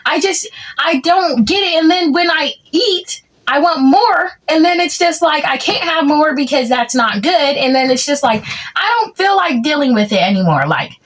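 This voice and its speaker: A young woman with a strikingly high voice rants through a comic monologue. She rambles and vents in exasperation, piling on filler words as she goes. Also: expressive, normal speed, a bit bright. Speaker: content creator. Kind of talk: comedic POV rant monologue.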